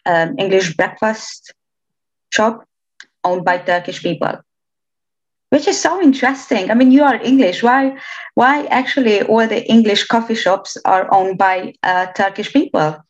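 A woman's voice: medium pitch, a little slow. Chatty young woman from Romania. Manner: chatty, hesitant restarts, laughs often. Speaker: interviewee. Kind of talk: casual interview chat. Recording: slightly dull lo-fi sound.

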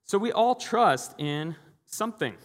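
A man's voice: sits high, expressive, unhurried. A man giving a sermon as a guest preacher, praying and then telling stories in a casual, chatty way with acted-out quotes. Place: church hall. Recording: long reverb of a large hall.

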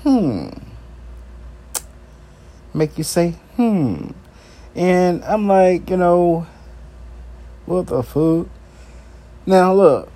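A man's voice: sits high, sing-song, extremely slow, pauses often, dark tone. A male talk show host rambling through an unscripted solo monologue, crude and profane, chuckling between his remarks.

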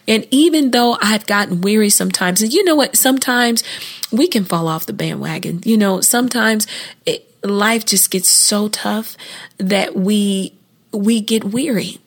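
Earnest woman giving a chatty devotional. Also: measured pace. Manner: earnest and conversational, with sudden rises in pitch; often laughs and restarts phrases. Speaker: podcast host and devotional speaker. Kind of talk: informal devotional talk.

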